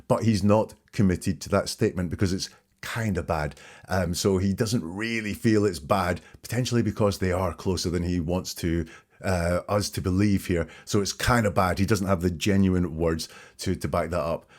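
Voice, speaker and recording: Guy with a lowish voice breaking down interview clips, slow and careful about every word. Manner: measured, dissecting each phrase. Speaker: podcast host. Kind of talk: analytical commentary on interview clips.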